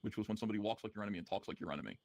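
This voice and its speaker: Fast-talking confrontational male podcast host. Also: on the low side, darkish tone, no echo. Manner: confrontational, halting with fillers. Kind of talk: heated call-in podcast argument.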